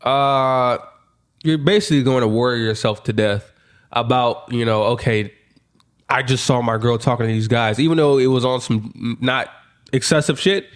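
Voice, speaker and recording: A young man co-hosting a podcast in casual chat, often hesitating and restarting as he works out his point. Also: mid-range voice. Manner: hesitant, repeats and restarts when explaining. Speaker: podcast co-host.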